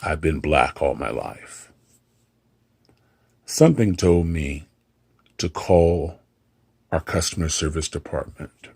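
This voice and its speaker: A man's voice: very deep voice, lively intonation, takes it slowly, gravelly, long pauses, a little mellow, husky, no echo. A middle-aged man, a hotel front desk clerk, casually telling a story and acting out the dialogue with dry humor.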